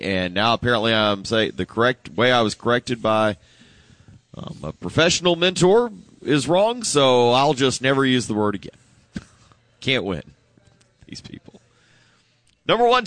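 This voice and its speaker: A man's voice: medium pitch, fairly bright tone, no echo. A man co-hosting a sports talk radio show, casual and wry, walking through the schedule with rambling asides. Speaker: radio co-host.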